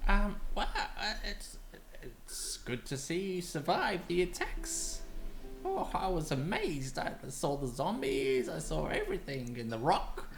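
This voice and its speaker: A woman's voice: on the low side, huge pitch swings, unhurried, creaky, soft background music, heavily acted. A woman putting on a chattering old seagull. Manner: squawky, giggly, rambling. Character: old scraggly seagull, rambling and excitable. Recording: audible background noise.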